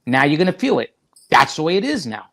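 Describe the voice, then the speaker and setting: A man's voice: fairly high pitch, big pitch swings, fast talker, a bit bright. A man co-hosting a livestream who rants and swears, combative and heated. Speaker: livestream co-host.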